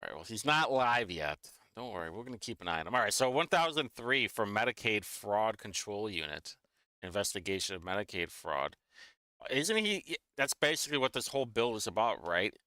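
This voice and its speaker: A man hosting a live watch-along stream, chatty and mocking as he rambles along. His pitch bounces around a lot, and his voice comes across bright and crisp. It sits dry and close on the mic. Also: big pitch swings, fairly quick, no room sound.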